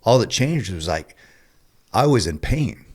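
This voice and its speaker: A man with a very deep voice talks as a podcast guest. He is earnest and halting, restarting sentences while he works out what he means. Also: very animated, a little mellow. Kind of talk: casual conversation.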